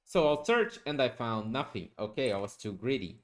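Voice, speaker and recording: A man giving a casual game tutorial, talking through steps while he plays and often checking in with a quick "okay?"; he gets excited when he spots good items. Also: medium pitch. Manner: chatty, explanatory, ends points with a questioning "okay?". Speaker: gaming guide creator.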